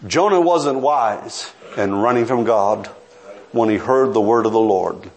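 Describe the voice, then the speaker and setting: A man's voice: on the low side, a little slow. A middle-aged man preaching a sermon, telling a story with earnest, pleading intensity.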